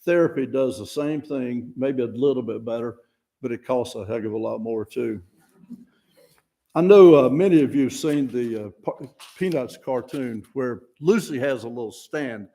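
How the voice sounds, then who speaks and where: An older man with a medium-pitched, dark voice speaks at a moderate pace. He's a lay speaker delivering an informal, folksy sermon at a fellowship service, plain-spoken and self-deprecating, and he frequently restarts his words.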